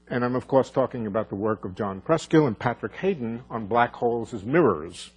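Man, older, husky-voiced physicist, unscripted lecture, halting and wry. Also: mid-range voice, darkish tone. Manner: thinking aloud with fillers and restarts, dry asides. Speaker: physicist giving a conference talk. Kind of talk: live conference lecture, unscripted.

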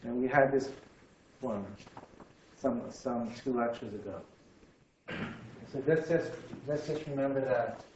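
Speaking in a mid-range, darkish voice, this male physics lecturer delivers a university lecture haltingly, repeating words and thinking out loud. Recorded in an echoey lecture room, the audio is a bit dull with slight background noise.

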